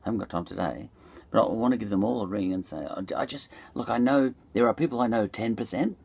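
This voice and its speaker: A man's voice: on the low side, quick pace, vocal fry, darkish tone, slightly rough, no room sound. A middle-aged Australian man musing aloud in a loose, digressive monologue, full of fillers and restarts. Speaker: podcast host. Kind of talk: rambling reflective monologue.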